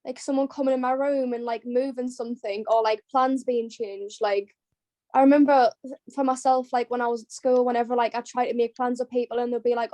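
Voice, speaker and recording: A woman's voice: a little high, fairly even intonation, a little fast, warm tone, dry recording. A young British woman chatting casually, with lots of filler "likes". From United Kingdom. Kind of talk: casual group chat.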